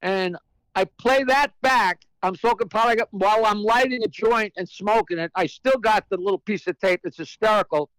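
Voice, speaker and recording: A man's voice: high voice, moderate pace, fairly bright tone, no echo, low-quality recording. A man telling a brash, profane anecdote as a guest comedian, acting out the voices of the people in his story. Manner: brash, profane joke-teller; acts out quoted voices.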